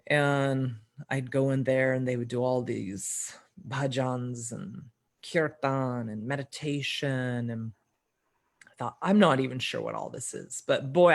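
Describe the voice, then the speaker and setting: A woman's voice: extremely low pitch, gravelly. A middle-aged woman, a podcast guest, telling a personal story in conversation. She acts out the dialogue, often shifting her voice for the quotes, and laughs now and then.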